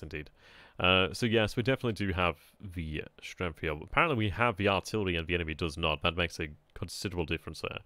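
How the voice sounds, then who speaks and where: A man casually commentating as he plays a strategy game, chatty and excitable, often laughing at himself. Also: sits low, no echo. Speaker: gameplay commentator. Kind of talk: casual let's-play commentary.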